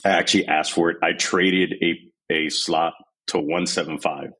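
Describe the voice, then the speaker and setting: Very deep, husky-voiced man telling his story. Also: moderate pace, low-quality recording. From San Antonio, Texas. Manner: candid, animated retelling with quoted voices. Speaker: podcast guest, army veteran. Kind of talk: candid storytelling interview.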